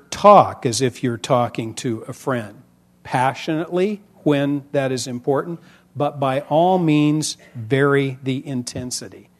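A middle-aged man, a pastor, teaching other preachers in a conversational, animated way with big swings in loudness. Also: mid-range voice. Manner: conversational, animated storyteller with lively vocal swings.

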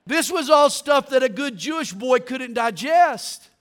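A man preaching a sermon, telling stories with humor and dropping low and quiet for his punchlines. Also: unhurried. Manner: animated storytelling, drops to quiet for punchlines.

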